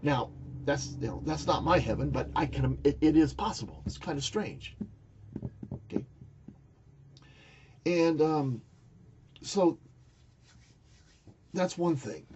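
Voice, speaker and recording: A man's voice: on the high side, expressive, slow, long pauses, muffled recording, noisy background. An older man talking casually to camera about a personal experience, rambling and searching for words with many restarts. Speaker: YouTuber recounting a spiritual experience.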